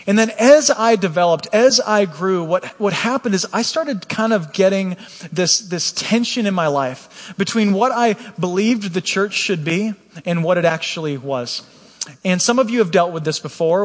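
A man's voice: sits high, in a large hall. A man preaching a candid, earnest personal testimony, often restarting his sentences. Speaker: pastor.

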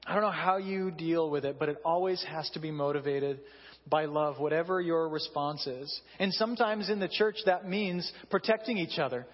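A man's voice: fairly high pitch, moderate pace. A man in his thirties, a pastor, giving a conversational sermon with self-deprecating stories. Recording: dull reverberant hall sound.

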